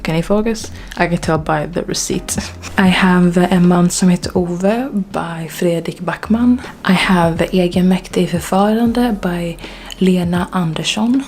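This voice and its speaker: A woman's voice: lowish voice, unhurried, darkish tone, slight background noise. A woman from Sweden giving a casual bookshelf tour, chatty and self-deprecating with plenty of fillers, a little out of breath. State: slightly out of breath. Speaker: book vlogger.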